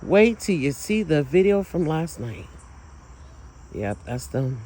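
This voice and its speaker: Slow-talking awed man outdoors at night. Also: a little high, very animated, darkish tone, poor audio. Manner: awed, emotional, exclaiming, drawn-out. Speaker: vlogger filming lights at night. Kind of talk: excited casual commentary to viewers.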